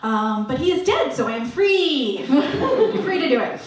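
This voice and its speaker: A woman's voice: sits high, big pitch swings, unhurried, background noise. A woman comedian performing a stand-up set on a comedy club stage, with dry, self-mocking delivery. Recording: echoey room captured from far off.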